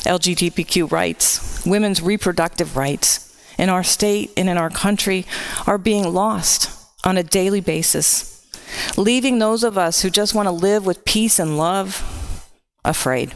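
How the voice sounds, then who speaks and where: A woman from Texas delivers a sermon to her congregation. She speaks in an earnest, personal way and turns impassioned at the high points. She is recorded in a church sanctuary. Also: unhurried. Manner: earnest, grows impassioned with rising pitch. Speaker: lay preacher.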